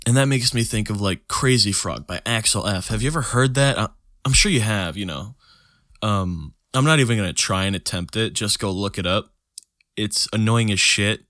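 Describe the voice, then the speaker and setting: A man's voice: fairly low pitch, normal speed, fairly bright tone, dry recording, studio quality. A young man hosting a solo podcast, rambling and swearing in a casual rant with frequent restarts. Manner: rambling, profane, restarts words, sings snatches of songs. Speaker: podcast host.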